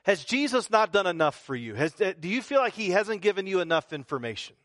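A man's voice: high-pitched, sing-song, fairly quick, fairly bright tone, no echo, clean studio sound. A male pastor preaching a conversational sermon, full of rhetorical questions and repeated phrases.

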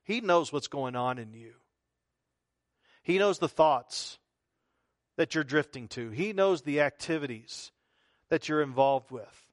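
A man's voice: fairly high pitch, lively intonation, measured pace, pauses often, dry recording, studio quality. A male pastor preaching a conversational sermon, full of rhetorical questions and repeated phrases.

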